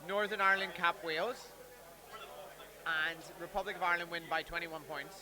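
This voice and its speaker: Eager, high-voiced male guest. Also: steady tone, moderate pace, a crowd in the background, poor audio. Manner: eager, chatty, self-mocking. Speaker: guest reporting tournament results. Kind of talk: casual live-stream chat.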